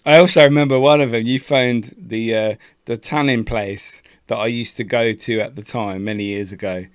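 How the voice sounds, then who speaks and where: A man co-hosting a podcast, chipping in relaxed and prompting his co-host's stories. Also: medium pitch, normal speed, clear, resonant tone, dry recording, clean studio sound. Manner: relaxed, chips in and prompts the other host. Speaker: podcast co-host. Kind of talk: casual chat.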